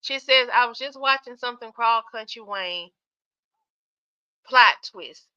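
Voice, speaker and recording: A sleepy woman hosts a relaxed livestream and reads out viewer comments between bursts of laughter. Her voice sounds bright, and the stream audio comes through dull and lo-fi. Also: on the high side, a little slow, smooth. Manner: chatty, laughs often, talks straight to viewers. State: sleepy, yawning. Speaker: livestream host. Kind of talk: casual livestream chat reading viewer comments.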